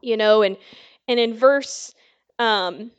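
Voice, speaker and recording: A woman's voice: on the high side, slow, clean tone, muffled recording. A woman teaching the Bible in a casual, conversational sermon, telling a story with lots of fillers. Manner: chatty storytelling with many fillers.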